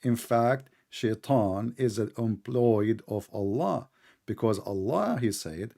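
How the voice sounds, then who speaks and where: Man, gravelly voice, foreign accent, mocking debater, keeps interrupting. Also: on the low side, animated, dark tone. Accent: non-native English. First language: not English. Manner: mocking, interrupting, slows down to explain. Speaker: Christian debater. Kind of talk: heated online debate.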